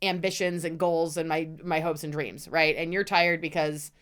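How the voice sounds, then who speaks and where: A woman's voice: deep voice, fairly even intonation, normal speed, a bit bright, clear, resonant tone. A middle-aged woman co-hosting a podcast, ranting about what bugs her. Her talk is blunt and full of swearing. She lays it on with mock outrage. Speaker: podcast co-host. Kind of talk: casual ranting chat.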